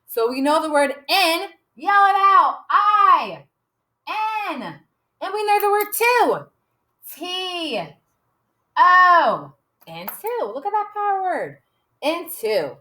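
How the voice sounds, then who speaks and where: Slow, bright-voiced woman teacher. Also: very high-pitched, big pitch swings. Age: adult. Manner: sounds out letters slowly, cheerfully emphatic. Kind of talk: slow modeled writing lesson for young children. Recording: echoey room.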